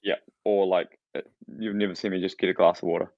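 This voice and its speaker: A man in his thirties with a lowish voice rambles through self-deprecating stories, full of fillers and restarts. His mic sounds dry and dull, with a slightly lo-fi edge. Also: flat delivery, quick pace, a little mellow, no echo. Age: 30s. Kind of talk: casual chat.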